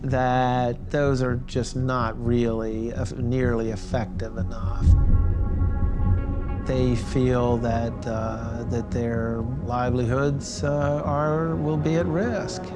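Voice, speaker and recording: Man, mid-pitch, slow careful interviewee with music bed under him. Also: steady tone. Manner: measured, careful phrasing. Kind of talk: documentary interview.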